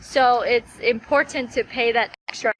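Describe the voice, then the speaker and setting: A woman with a fairly high voice recaps her day in a casual vlog. She rambles and tells it with energy, filling her story with "like" and quoted asides. A faint hiss of background noise sits under her voice. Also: moderate pace, low-quality recording. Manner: rambling, animated storytelling with many fillers. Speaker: vlogger.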